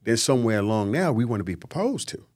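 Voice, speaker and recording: A man, a guest on a podcast, talking in a lively, preachy way and mimicking people he quotes. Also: mid-range voice, quick pace. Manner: animated, preachy, acts out quotes in mocking voices. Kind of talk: casual podcast conversation.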